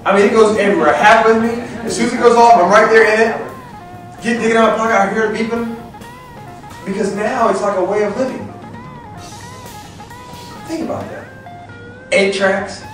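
Brief: animated male motivational speaker, thirties, high voice, heard from far off in a big hall. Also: brisk, pauses often. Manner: animated, acts out scenes, laughs often. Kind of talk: leadership seminar talk. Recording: echoey hall from far off, faint music.

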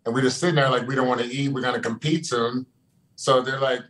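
A man's voice: medium pitch, fairly even intonation, fairly quick, fairly bright tone, poor audio. A man telling a loose, rambling story in a casual chat.

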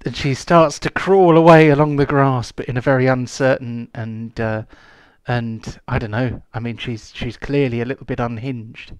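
A man narrating as game master of a tabletop game, hesitant with many pauses and ums. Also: mid-range voice, fairly even intonation, clean tone, no echo, studio quality.

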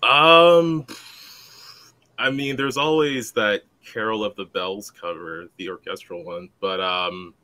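A man's voice: on the low side, takes it slowly, sharp tone. A man introducing himself as a player on a game stream, rambling and self-deprecating in casual chat.

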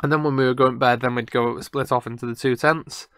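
A young man tells a story in a chatty, meandering way, stopping to correct his own details. His voice is bright and crisp, and the sound is dry and close. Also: mid-range voice, fairly even intonation, fast talker, dry recording. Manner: rambling, self-correcting, chatty. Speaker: podcast host. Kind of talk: casual storytelling.

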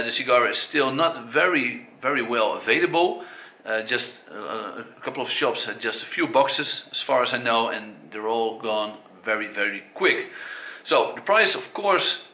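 Bright and forceful in a mid-range voice, a Dutch-accented man from the Netherlands casually reviews cigars. He's hesitant throughout, using many fillers and correcting himself, and his room has an echo.

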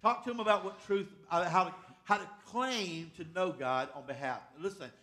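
An older preacher with a notably high voice for a man. He preaches emphatically and keeps calling on the congregation to say amen. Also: moderate pace, bright, forceful tone. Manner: emphatic, calls for amens from the congregation. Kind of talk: sermon.

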